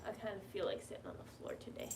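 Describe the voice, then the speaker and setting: A young woman who works as a vet tech, chatting casually on a home livestream and talking to her pets. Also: rapid-fire. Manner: chatty, talks warmly to her pets between remarks. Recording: somewhat distant mic with faint background noise.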